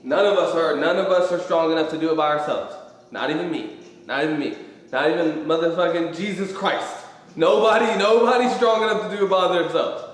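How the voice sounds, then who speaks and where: A man's voice: high voice, brisk. Young male host, casual motivational rambler, profane, hall reverb. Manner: emphatic, rambling, swears freely. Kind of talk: motivational live-stream talk. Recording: very echoey hall.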